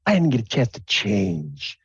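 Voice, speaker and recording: A man's voice: mid-range voice, huge pitch swings, normal speed, slightly rough, no room sound, muffled recording, voice pushed up, heavily acted. A man voicing a boisterous male gnome jester who talks in hearty, jokey stage patter.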